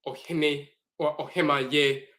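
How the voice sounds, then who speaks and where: A man giving a slow, deliberate lecture, repeating and spelling out terms as he explains glyphs and dialects. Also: fairly high pitch, level tone, bright, forceful tone.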